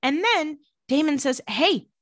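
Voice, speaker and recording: A woman's voice: medium pitch, sing-song, moderate pace, fairly bright tone, no room sound. A woman co-hosting a podcast, casually recapping a TV episode and acting out the characters' lines in playful voices. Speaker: podcast co-host recapping a TV show. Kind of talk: casual chat.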